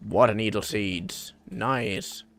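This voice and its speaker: A man's voice: lowish voice, slow pace, fairly bright tone, soft background music. A man streaming a game with chatty, playful, scattered commentary.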